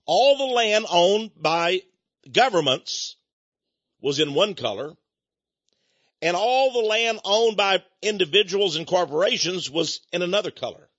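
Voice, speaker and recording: An older man with a Texan accent, hosting a folksy, emphatic monologue that rises to loud peaks. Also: high voice, lively intonation, unhurried, dry recording. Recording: dull lo-fi recording.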